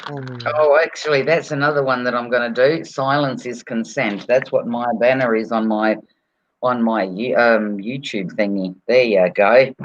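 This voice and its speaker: A man's voice: medium pitch, steady tone, moderate pace, a little hiss or hum. A man, a guest on a casual podcast chat, telling rambling stories and swearing freely. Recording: lo-fi call audio.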